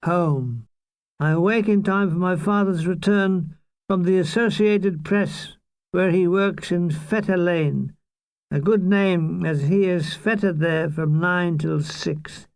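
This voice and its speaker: A man narrating his own war memoir as an audiobook, with deadpan, irreverent comic delivery. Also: sits high, takes it slowly, dry recording.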